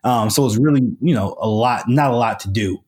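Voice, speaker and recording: A man's voice: medium pitch, brisk, darkish tone. A man, a podcast guest, telling a story in a casual, colloquial way with lots of fillers and restarts. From United States.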